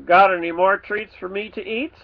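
A man's voice: high voice, steady tone, normal speed, narrow, tinny audio, pitched above the performer's own voice. A man voicing a greedy, cheeky little male pig who grunts, slurps and rhymes.

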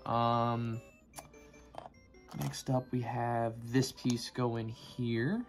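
A man chats his way through a toy build in a loose, rambling manner and keeps drifting into jokes. His voice sits at an ordinary middle pitch. Faint music plays under him. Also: level tone, very slow. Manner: rambling, joking, easily sidetracked. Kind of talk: casual build commentary.

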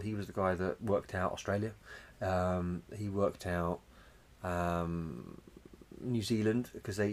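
A man co-hosting a podcast, rambling through a story in casual chat and swearing freely. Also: fairly low pitch. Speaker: podcast co-host.

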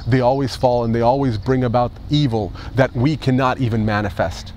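A man's voice: mid-range voice, a little fast, darkish tone, slight background noise. A male pastor delivering an Easter sermon, emphatic, with rhetorical questions and repeated phrases.

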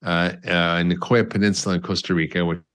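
A very low-pitched man speaks as a doctor in an interview. He explains at length, stacking up examples and restarting phrases as he thinks. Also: level tone, a little fast, a bit bright. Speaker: doctor and guest. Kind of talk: conversational interview.

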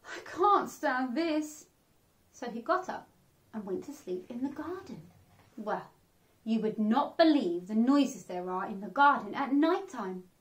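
A woman reading a children's picture book aloud, animated and expressive, acting out the sound effects. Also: a little high, a little slow. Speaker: children's storyteller.

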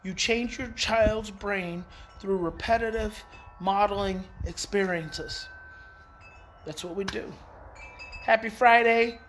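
A man and parenting educator in a casual daily talk to viewers. He is emphatic, repeats key phrases and swings in pitch. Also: fairly even intonation, slow, a bit bright, slight background noise. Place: outdoors in the evening.

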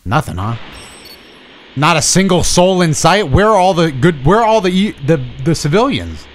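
A young man streaming a video game, talking to himself in excitable, profane commentary. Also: on the high side, normal speed, faint music behind. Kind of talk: casual gameplay commentary.

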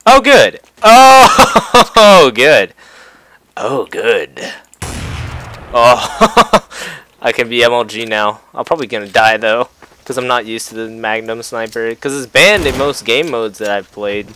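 A young man giving excitable gaming commentary, yelping and reacting to the game as he plays at his computer. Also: mid-range voice, normal speed, smooth. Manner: excitable, yelps and laughs at the game. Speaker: gameplay youtuber. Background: gunfire from the game.

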